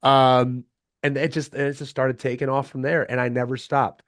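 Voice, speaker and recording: A man guesting on a podcast, telling stories in a casual, animated way, often acting out what others said and laughing. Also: medium pitch, moderate pace, dry recording, studio quality. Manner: animated, acts out quotes in changed voices. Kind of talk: casual storytelling interview.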